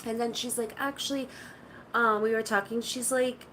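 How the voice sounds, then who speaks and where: Woman streamer, casual and chatty, meandering anecdotes, a bit high-pitched, faint hiss behind. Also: steady tone, normal speed, a bit bright, rough recording. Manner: rambling storytelling, full of "like". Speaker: live streamer. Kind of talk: casual chat to stream viewers.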